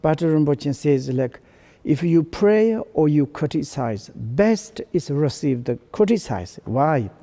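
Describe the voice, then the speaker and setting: Gravelly, mellow-voiced Buddhist teacher, man. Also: a little high, expressive. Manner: halting non-native English with many restarts. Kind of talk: dharma teaching to students.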